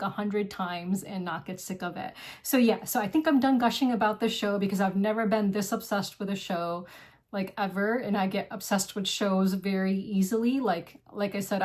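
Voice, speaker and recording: A woman's voice: medium pitch, moderate pace, darkish tone. A woman hosting a board game channel, gushing effusively in casual vlog chat with lots of "like". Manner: gushing and effusive, heavy use of "like". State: single, lives alone.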